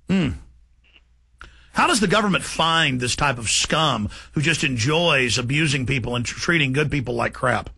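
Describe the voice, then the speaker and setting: A male talk radio host with a bright, forceful voice. He speaks fast and emphatically, with constant indignation. His pitch sits a little above the usual for a man. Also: creaky, breathy edge.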